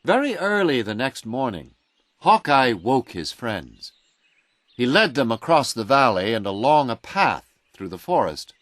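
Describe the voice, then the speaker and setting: Slow, expressive male storyteller. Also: mid-range voice, no echo. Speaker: narrator. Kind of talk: storybook reading.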